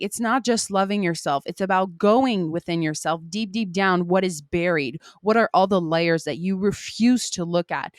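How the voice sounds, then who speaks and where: A woman's voice: mid-range voice, no echo, clean studio sound. A young woman hosting her own podcast, talking candidly and emphatically in a casual monologue, full of "like" and swearing. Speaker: podcast host.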